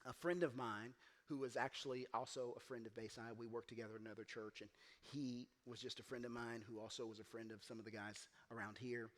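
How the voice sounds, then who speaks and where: A mid-range male voice, fairly quick, belongs to a pastor preaching a sermon in church. He tells a story with animation, acting out the quoted voices and becoming loud and emphatic.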